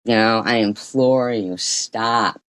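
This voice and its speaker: A woman with a very low voice rants at a slow, heavy pace, swearing and scolding as she reacts to a clip. She clears her throat often between lines. The sound is dry and close, with no room around it. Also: a bit bright, dry recording. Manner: profane, scolding rant with frequent throat clearing. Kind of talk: angry reaction commentary.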